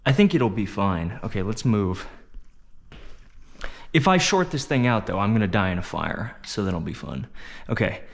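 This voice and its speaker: A man's voice: fairly low pitch, expressive, moderate pace, vocal fry. A man talking casually while working in his garage, muttering and swearing under his breath, recorded on a head-mounted action camera. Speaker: DIY mechanic vlogger. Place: home garage workshop.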